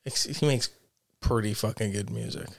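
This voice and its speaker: A man's voice: lowish voice, normal speed. A man hosting a podcast, chatting casually and telling stories in a blunt, profane, joking way. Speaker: podcast host. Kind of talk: casual chat and storytelling.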